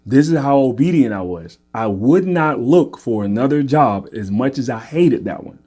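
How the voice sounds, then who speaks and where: A man's voice: mid-range voice, animated, normal speed, dark tone, husky. A man casually telling a personal faith story, earnest and often repeating himself, checking in with "right?". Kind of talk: casual testimony monologue.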